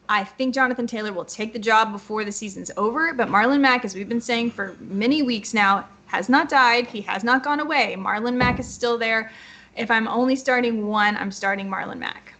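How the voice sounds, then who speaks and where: A female fantasy football analyst co-hosting a live stream. Her voice sits a little high, and she delivers picks decisively and bluntly. She makes her case plainly, then moves on. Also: pushed and bright. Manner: decisive, blunt opinions, laughs easily.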